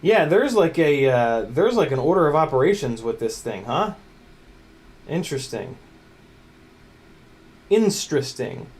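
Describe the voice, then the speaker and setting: A man's voice: fairly high pitch, sing-song, moderate pace. Man muttering over a drone build. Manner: mutters and coaxes parts while working, loose and joking. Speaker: FPV drone streamer. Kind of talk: casual livestream chat while building.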